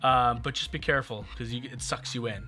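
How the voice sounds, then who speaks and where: Bright-voiced chatty male podcast host. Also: mid-range voice, steady tone, brisk, soft background music. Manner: chatty storyteller, wry asides. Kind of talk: casual chat.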